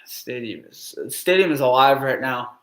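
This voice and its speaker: A man anxiously reacting live to a ballgame, pleading and sighing heavily as the pitches come in. His voice is bright and edgy and swings widely in pitch. The room adds a noticeable echo. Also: lively intonation, a little slow. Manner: anxious, pleading, heavy sighs. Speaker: sports fan streamer. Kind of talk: live game reaction stream.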